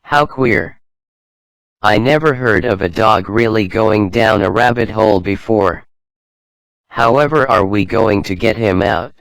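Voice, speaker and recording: Man voicing a level-headed boy leader, matter-of-fact, low slow voice, storybook reading. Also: vocal fry, fairly bright tone, smooth, no room sound. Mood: puzzled. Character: sensible older boy, calm leader.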